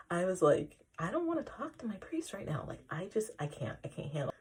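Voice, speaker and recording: A woman with a low, gravelly voice talks candidly into the camera as she shares a personal story. Her delivery is confiding and intimate, and she often sinks toward a whisper. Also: a little mellow. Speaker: vlogger.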